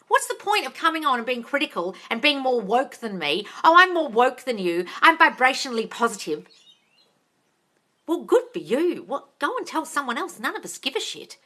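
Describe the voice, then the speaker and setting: An Australian woman with a bright, forceful voice pitched a little high answers questions on a live stream. She is blunt and swears freely, and she calls her viewers darling. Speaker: manifestation coach. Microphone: phone or tablet.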